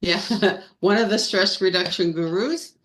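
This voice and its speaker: A woman's voice: mid-range voice, unhurried, fairly bright tone. A woman co-hosting a live feng shui show, chatting casually and rambling with self-corrections. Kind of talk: casual live-stream chat.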